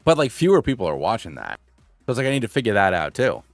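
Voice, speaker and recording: A gaming streamer in his thirties chats casually on a live stream, rambling with lots of fillers and self-deprecating asides. His voice is on the low side, fast and gravelly, with wildly swooping pitch, no room sound and faint music behind.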